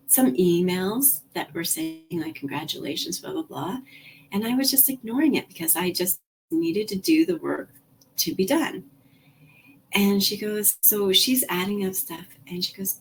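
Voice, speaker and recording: A middle-aged woman tells a story from her working life in a casual, animated way, acting out the other voices as she goes. Her voice sits at a medium pitch. Faint noise hums behind her. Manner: animated, lively retelling with quoted dialogue. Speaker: host and sales coach.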